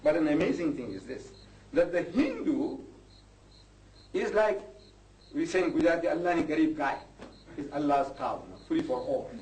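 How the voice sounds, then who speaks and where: A man, giving an impassioned lecture to a live audience. His voice sits fairly high and leaps up on rhetorical questions. It is recorded from far off in an echoey hall, with a faint hiss behind. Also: big pitch swings, moderate pace, pauses often, darkish tone. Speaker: Islamic preacher.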